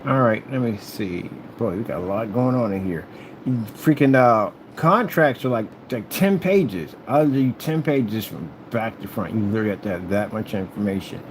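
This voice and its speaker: A YouTuber speaking at normal speed, with a fairly low voice and lively intonation, needles a rival in a rambling monologue. He hums and repeats stock phrases as he works through paperwork indoors, with slight background noise.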